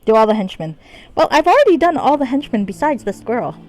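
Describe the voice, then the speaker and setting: A woman's voice: fairly high pitch, sing-song, fairly quick, darkish tone, faint music behind. A woman live-streaming a video game, chatting casually, laughing often and reading the game's dialogue aloud in her own voice.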